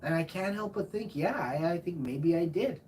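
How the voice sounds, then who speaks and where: A young live streamer with a fairly high, expressive voice talks at normal speed in a home room at night, set back from the mic with slight background noise. His casual monologue is a brash, profane, rambling story in which he acts out his own shouts.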